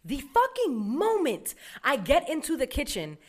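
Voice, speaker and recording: Young woman podcast host, casual storytelling, expressive and swearing freely, voices her mother in quotes. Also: high voice, unhurried. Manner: animated, profane, mimics her mother.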